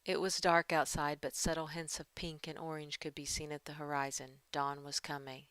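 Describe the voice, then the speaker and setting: A woman's voice: deep voice, little pitch movement, normal speed, fairly bright tone, clean tone, dry recording. A woman giving a writing lesson, talking through edits as she works and reading draft passages aloud. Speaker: writing teacher. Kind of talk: screen-share editing lesson.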